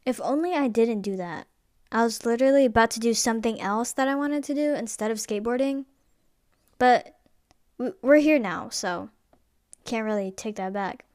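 A woman's voice: a little high, moderate pace, darkish tone, no room sound, studio quality. A young woman hosting a podcast, telling personal stories in a rambling, casual way with lots of fillers and restarts. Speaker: podcast host.

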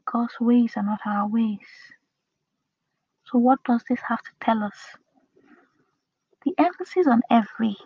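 Woman preaching scripture, slow, breathy near-whisper, fairly high voice, dull dry recording. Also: no echo. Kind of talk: devotional Bible teaching.

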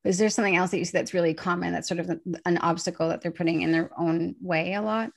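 A woman's voice: on the low side, steady tone, quick pace, vocal fry. A young woman hosting a casual talk show, chatting freely, laughing often and acting out quoted lines. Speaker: podcast host. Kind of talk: casual chat.

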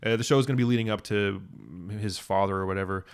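A man co-hosting a podcast, talking in a casual, animated way with frequent restarts. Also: lowish voice, fast talker, clear, resonant tone. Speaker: podcast co-host. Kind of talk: casual chat.

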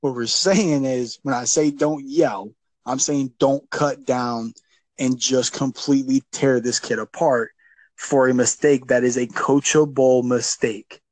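A man's voice: medium pitch, fairly even intonation, measured pace, a little mellow, no echo, low-quality recording. A man who coaches youth football, talking casually and emphatically on a podcast, often repeating words as he gets going.

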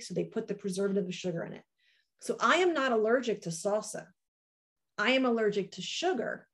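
A woman speaking to a recovery group, sharing her own experience in an animated, storytelling way with sharp bursts of emphasis. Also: mid-range voice. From New Jersey. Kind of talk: personal share, talking to a group.

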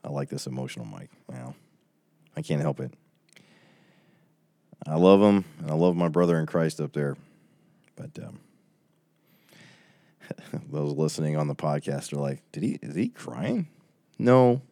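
A man's voice: rumbling low, animated, unhurried, pauses often, mellow, dry recording. A man in his forties wrapping up a livestream Bible study, chatty and tearing up as he reads out viewer comments. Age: 40s.

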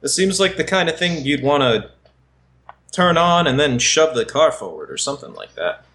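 A man's voice: on the high side, very animated, normal speed, fairly bright tone. Man playing a sarcastic British hero. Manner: banters in a put-on British character voice, dry and sarcastic. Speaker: tabletop game player. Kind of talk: playing a character in a tabletop game.

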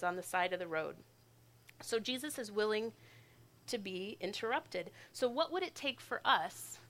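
Bright, casual woman giving a sermon. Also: medium pitch. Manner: casual, conversational, relatable. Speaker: speaker.

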